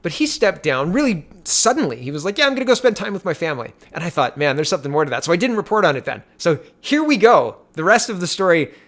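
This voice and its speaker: A man hosting a casual political commentary show, reading tweets and news aloud in an animated, indignant way. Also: high-pitched, fast, few pauses.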